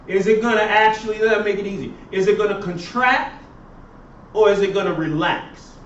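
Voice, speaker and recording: A man's voice: high voice, a little fast, fairly bright tone, a little hiss or hum. A male professor giving a classroom lecture. He keeps quizzing his students with fill-in questions. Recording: roomy, distant, dull classroom recording.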